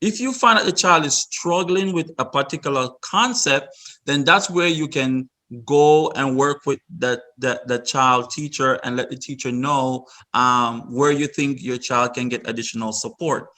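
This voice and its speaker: A man's voice: medium pitch, moderate pace, sharp tone. A man presenting a virtual workshop to parents over a video call, instructive and repeating himself with many restarts.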